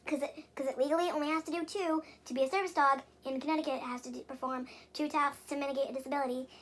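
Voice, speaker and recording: A woman's voice: high voice, fairly even intonation, very fast, fairly bright tone. A young woman vlogging at home, rambling and exasperated, with lots of fillers and swearing. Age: young adult. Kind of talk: casual venting vlog.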